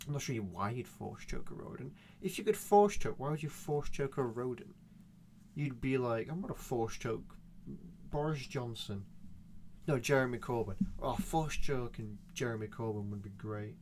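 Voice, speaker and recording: A man's voice: mid-range voice, moderate pace, a little hiss or hum. A young man rambling through a profane, meandering solo monologue recorded at home. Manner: profane, meandering, animated rants.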